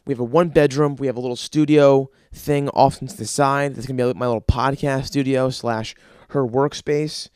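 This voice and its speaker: A man's voice: medium pitch, steady tone, normal speed, a little mellow, clean tone, dry recording, clean studio sound. A young man hosting his own podcast, ranting alone in a crude, rambling way with lots of fillers. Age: young adult. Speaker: podcast host. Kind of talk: crude solo podcast rant.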